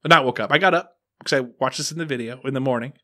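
A man's voice: medium pitch, fast, a bit bright. A man, around his thirties, hosting a podcast in casual chat, telling a story with many restarts and acted-out quotes. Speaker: podcast host.

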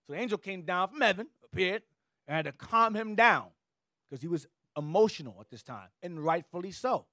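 A man's voice: high-pitched, lively intonation, brisk, pushed and bright, dry recording. Dry-voiced man leading scripture class. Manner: directive, interjecting "go ahead" and explaining in casual slang. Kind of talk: Bible class teaching.

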